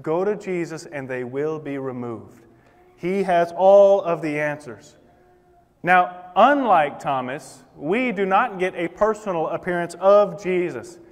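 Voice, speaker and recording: High-voiced preacher in a reverberant church. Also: male voice, measured pace. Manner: impassioned, acts out the Bible figures' words. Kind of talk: sermon. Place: church sanctuary. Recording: long reverb of a church hall.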